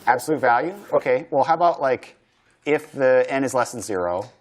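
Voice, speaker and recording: A man lectures on programming while coding live, working things out aloud in a loose, chatty way. His voice sits at an ordinary middle pitch, and he trails into filler words and restarts as he goes. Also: expressive, brisk. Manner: thinking aloud, casual with many fillers and restarts.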